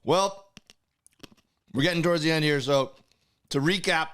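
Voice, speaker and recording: A comedian co-hosting a casual podcast, teasing his co-host with deadpan jokes. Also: fairly high pitch, moderate pace, dry recording.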